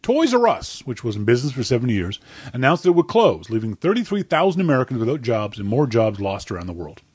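A man's voice: medium pitch, sing-song, fast, a little mellow, slightly rough, dry recording. Blunt, profane podcast man. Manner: blunt, profane, grumpy ranting. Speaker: podcast co-host. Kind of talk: casual comedic podcast chat.

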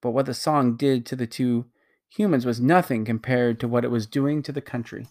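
A narrator reading a children's novel aloud at a steady pace, with occasional slips and restarts. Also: medium pitch, normal speed. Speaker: audiobook narrator.

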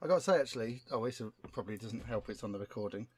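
A man's voice: mid-range voice, lively intonation, racing, husky. A man hosting a comedy sketch podcast, chatty and self-mocking. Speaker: sketch podcast host and writer. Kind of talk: casual comedy chat.

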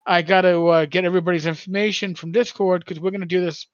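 A man's voice: high voice, fairly even intonation, fast, no echo, lo-fi sound. A man in his sixties, a podcast co-host, telling a long rambling story in casual chat with many stammers and restarts.

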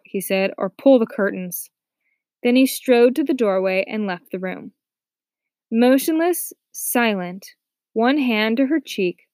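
A woman narrating a novel aloud with steady, soft-spoken storytelling. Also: medium pitch, dry recording. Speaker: audiobook narrator. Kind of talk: scripted narration.

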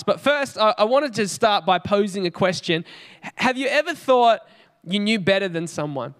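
An Australian man with a high, fairly bright voice gives a conversational sermon, telling stories in an earnest, chatty way and often laughing lightly.

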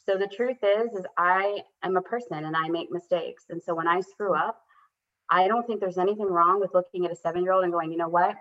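A woman's voice: lowish voice, brisk, a bit bright. A woman in her thirties, a guest telling a candid story about parenting with self-deprecating humor, livening up when she quotes her children. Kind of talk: casual conversational storytelling. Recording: dull lo-fi audio.

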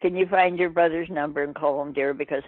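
A man's voice: on the high side, fairly even intonation, fast talker, no echo. Exasperated man on a tinny phone line. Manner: polite but growing exasperated. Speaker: caller on the phone. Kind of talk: phone call.

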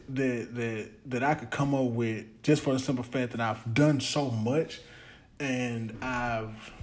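A man's voice: mid-range voice, slight background noise. A man hosting a podcast, talking in a blunt, rambling casual monologue full of slang and repeated words. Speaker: podcast host.

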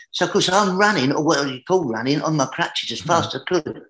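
An English man tells a comic tale from his youth, his voice pitched a touch high and growing livelier as the story builds. The recording sits in a roomy space with a noticeable echo. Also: fast, hardly any pauses, fairly bright tone. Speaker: guest entertainer. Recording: roomy echoey room.

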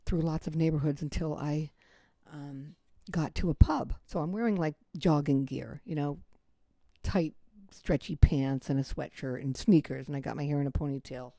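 A woman's voice: sits low, dark tone, no room sound. An American woman hosting a podcast, telling a personal story in a candid, casual way and swearing freely. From United States. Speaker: podcast host.

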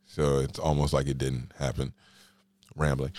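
A man's voice: a bass voice, flat delivery, moderate pace, darkish tone, no echo. A man hosting a solo podcast, telling a story in a rambling, slangy, joking way. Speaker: podcast host.

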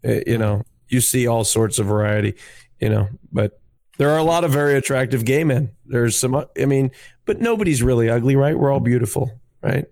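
A man's voice: medium pitch, expressive, a little fast, gravelly, darkish tone, no echo. A man speaking reflectively and earnestly in casual podcast talk. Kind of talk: casual chat.

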